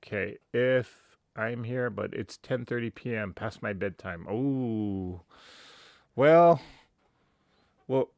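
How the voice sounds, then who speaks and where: A man's voice: mid-range voice, takes it slowly, vocal fry, darkish tone, no room sound, studio quality. A man hosting a casual livestream, chatty and laughing often as he greets viewers by name. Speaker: livestream host.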